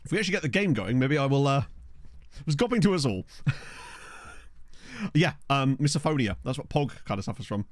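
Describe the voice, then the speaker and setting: A man's voice: medium pitch, expressive, a little fast, long pauses, dry recording. A young man chatting casually through a game livestream, jokey, sometimes eating as he talks. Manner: chatty and jokey, talking with his mouth full, laughing often. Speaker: streamer. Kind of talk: casual gaming livestream chat. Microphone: desk microphone.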